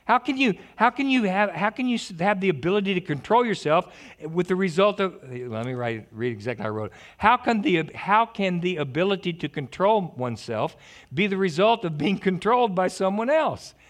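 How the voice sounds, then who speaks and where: A man preaching a lively sermon, joking, stammering and restarting his sentences. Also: sits high, a little fast. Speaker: pastor.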